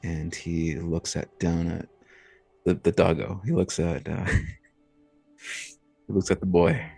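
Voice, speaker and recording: A man's voice: low voice, steady tone, slow pace, creaky, a little mellow, slightly rough, faint music behind. A man narrating a tabletop game as game master, in a loose, rambling way full of fillers.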